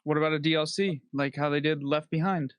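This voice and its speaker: A man's voice: on the high side, steady tone, fairly quick, no echo. A man co-hosting a casual podcast chat, joking and laughing often. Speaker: podcast co-host.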